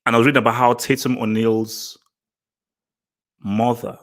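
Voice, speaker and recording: A man's voice: medium pitch, level tone, normal speed, fairly bright tone. A man hosting his own vlog, giving casual opinion commentary in an emphatic way, repeating phrases and restarting sentences. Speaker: vlog host.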